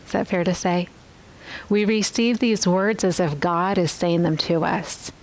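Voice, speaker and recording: A woman's voice: lowish voice, fairly even intonation, measured pace, rough recording. A woman giving an earnest Bible teaching on a podcast, often asking the listener questions.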